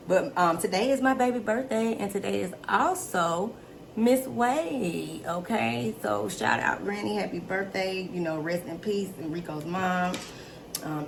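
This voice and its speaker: A middle-aged woman giving a casual tarot reading on her channel, chatty and excitable, talking straight to her viewers. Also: medium pitch. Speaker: tarot reader and channel host. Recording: noisy background hiss.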